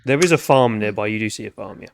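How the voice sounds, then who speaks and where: A man's voice: on the low side, fast, creaky. A man narrating a tabletop game as game master, rambling with many fillers and restarts.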